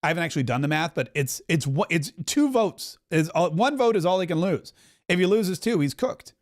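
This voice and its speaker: A middle-aged podcast host talks over a live broadcast, keeping up a chatty, wry running commentary peppered with quick asides. His voice is a little high for a man, with lively intonation.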